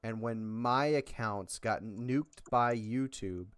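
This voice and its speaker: A man hosting a stream, chatting casually in a rambling, self-correcting way and joking about his low viewer count. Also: slow, few pauses, smooth, no room sound. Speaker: stream host. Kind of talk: casual chat.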